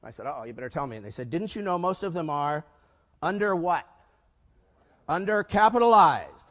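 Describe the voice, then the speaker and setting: A man's voice: on the high side, quick pace. Man telling stories in a hall. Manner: animated storyteller acting out quoted dialogue. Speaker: keynote speaker. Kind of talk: storytelling keynote talk. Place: conference hall. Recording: hall reverb.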